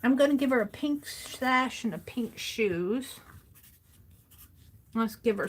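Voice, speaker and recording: Slow, soft-spoken woman host. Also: on the high side, expressive, slightly rough. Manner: soft-spoken, muses aloud to herself. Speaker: livestream host and artist. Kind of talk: casual chat while drawing.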